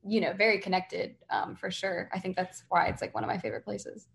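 A young woman from the Boston area, a singer-songwriter, talking casually in an interview with many fillers and lively quoted asides. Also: medium pitch, a little fast, vocal fry. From Massachusetts, near Boston. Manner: chatty, many fillers, animated quoting.

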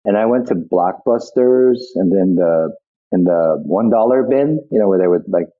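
Husky-voiced man on a tinny line. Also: low voice, expressive, moderate pace. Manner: rambling, reflective, many restarts. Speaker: guest actor. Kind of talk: casual interview.

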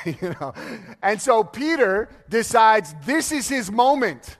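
Lively high-voiced preacher in a reverberant hall. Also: male voice, a little slow. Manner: lively, laughing storyteller acting out quotes. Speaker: pastor. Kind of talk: sermon.

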